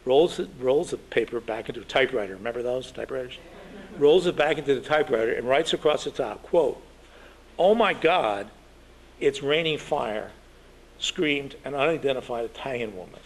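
A man's voice: medium pitch, quick pace. An older man, a veteran journalist, telling anecdotes in a rambling talk full of fillers and restarts.

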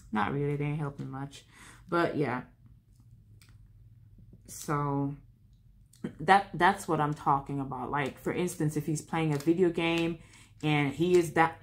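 A woman hosting a home vlog, chatting casually and candidly while she crafts, rambling and talking to herself as she works. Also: sits low. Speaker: vlog host.

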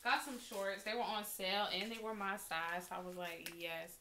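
Woman vlogger, bright lively tone, casual chatty haul delivery, talks right to camera, easily excited. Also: medium pitch, moderate pace, a little hiss or hum. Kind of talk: casual unboxing haul vlog.

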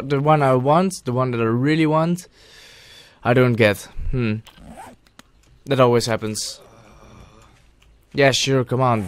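With a medium-pitched voice, a man hosting a gaming channel gives let's play commentary, chatting to himself and letting out loud, excited shouts.

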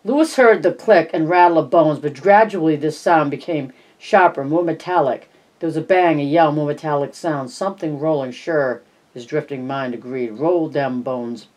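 An audiobook narrator reading a horror novel in a measured way, dropping softer for tense passages. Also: medium pitch. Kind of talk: scripted narration.

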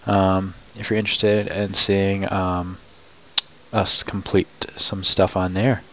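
A gamer with a fairly low voice gives goofy, casual let's-play commentary, joking loosely at a slow pace. He often bursts into sudden high-pitched yelps of excitement, over a faint hiss.

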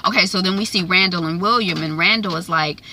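A woman's voice: fairly low pitch, fairly quick, sharp tone, a little hiss or hum. A woman casually recapping a TV episode, retelling scenes and quoting characters in her own voice, with many fillers. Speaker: TV recap host.

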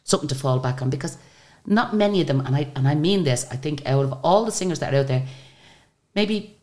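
A woman's voice: sits low, brisk. A woman in her sixties with an Irish accent, a singer telling stories in a chatty interview, often restarting her sentences. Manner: chatty, lively storyteller with frequent restarts. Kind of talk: casual storytelling interview.

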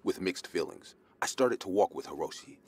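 A man reading a scripted horror story in the first person, in an even storytelling delivery. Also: low voice, moderate pace, husky. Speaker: narrator.

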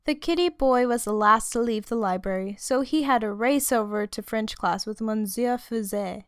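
A woman reading a children's story aloud in a lively, expressive way. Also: a little high, moderate pace, smooth, no echo, clean studio sound. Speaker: storybook reader.

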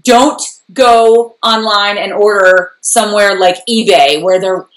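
A woman co-hosting a fan recap show, chatting casually and rambling with a quick laugh. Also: mid-range voice, steady tone, echoey room, low-quality recording. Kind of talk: casual chat.

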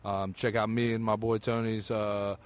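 A man with a lowish voice, a fighter guest on a podcast, reeling off sponsors and plugs in a relaxed way with plenty of fillers. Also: moderate pace, smooth. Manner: laid-back, listing plugs with fillers. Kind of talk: casual podcast chat.

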